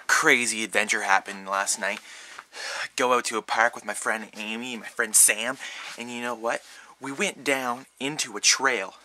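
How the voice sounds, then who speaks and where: Young male vlogger, very bright voice, rambling comic storyteller who makes his own sound effects. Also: medium pitch, normal speed. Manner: rambling, animated, full of mouth sound effects.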